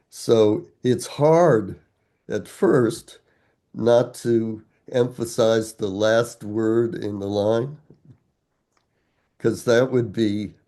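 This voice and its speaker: An older man being interviewed as an author, explaining his work in a deliberate way with frequent fillers. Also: medium pitch, steady tone, dark tone. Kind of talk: explaining and reciting verse.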